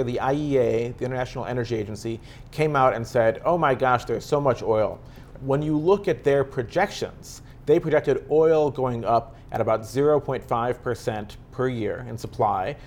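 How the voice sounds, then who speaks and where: A man, an author and technologist, giving measured, explanatory answers in an interview. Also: medium pitch. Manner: earnest, explanatory, steady.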